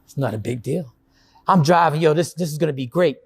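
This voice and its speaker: A man's voice: a little high, fairly quick. A man telling a personal story in a monologue, acting out his past self and his inner voices. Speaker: storyteller recounting his own experience.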